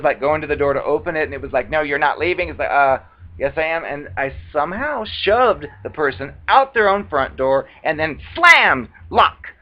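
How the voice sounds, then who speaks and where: A man tells a personal story in an animated, casual monologue, his pitch swinging widely as he acts out the voices of others. He sits a bit higher than most men. The recording sounds dull and lo-fi. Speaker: video blogger.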